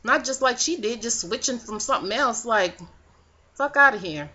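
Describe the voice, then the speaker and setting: A woman's voice: on the high side, expressive, normal speed, sharp tone. A woman vlogging a casual recap of a reality show, sassy and profane in her gossip. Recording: dull lo-fi webcam audio.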